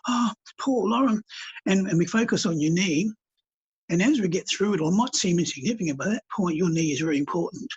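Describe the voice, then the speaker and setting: A man, a counsellor, telling stories calmly and earnestly in a podcast interview, with blunt colloquial words. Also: sits high, fast, slightly rough. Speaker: counsellor and healer guest. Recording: dull lo-fi podcast audio.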